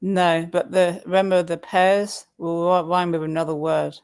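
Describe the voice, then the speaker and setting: A man's voice: high-pitched, little pitch movement, normal speed, a little mellow, smooth, no room sound. A man from Suffolk with a Suffolk English accent, co-hosting a casual livestream chat and patiently explaining things with frequent laughs. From Suffolk, England. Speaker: livestream co-host.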